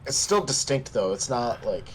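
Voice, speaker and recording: A man's voice: medium pitch, sing-song, moderate pace, slight background noise, poor audio. Chatty man explaining things to friends. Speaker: gaming companion. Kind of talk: casual chat while gaming.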